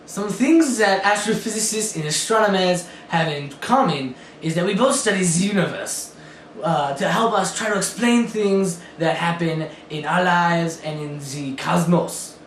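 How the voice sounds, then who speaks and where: A man's voice: high-pitched, measured pace, reverberant, a little hiss or hum. A young man playing an astrophysicist in an amateur skit, speaking matter-of-factly with some hesitations. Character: male astrophysicist who claims to be German.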